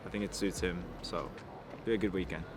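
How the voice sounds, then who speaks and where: A man, a racing coach, chatting casually in a relaxed, joking, low-key way. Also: fairly quick. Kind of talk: casual chat. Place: outdoors in a city. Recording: music playing under the voice.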